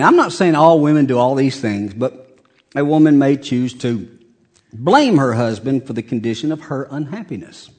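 A middle-aged male pastor preaching a sermon in a folksy, joking way, with big swings between loud and soft. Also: medium pitch, breathy edge.

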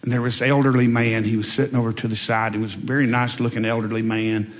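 A man preaching a sermon, telling folksy stories and swinging between loud emphatic lines and quiet asides. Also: mid-range voice, flat delivery, fast talker. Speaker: pastor. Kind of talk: sermon with storytelling. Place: church sanctuary. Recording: long reverb in a large hall.

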